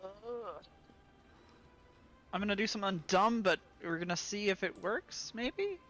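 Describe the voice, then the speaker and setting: High-pitched, cheerful male player. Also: expressive, a little slow, a bit bright, faint music behind. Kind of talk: casual tabletop play.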